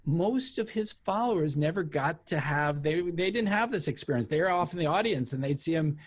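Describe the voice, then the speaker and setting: A man with a slightly high voice and normal speaking speed tells a personal story in a casual interview. As an author and ex-cult member, he brings the tale to life by animatedly voicing the people in it.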